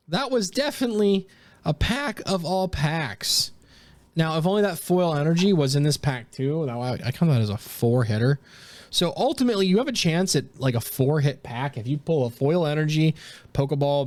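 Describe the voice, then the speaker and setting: A young man giving casual, excited commentary while opening trading card packs as a streamer. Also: no echo. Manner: excited, jumps high in pitch at big pulls.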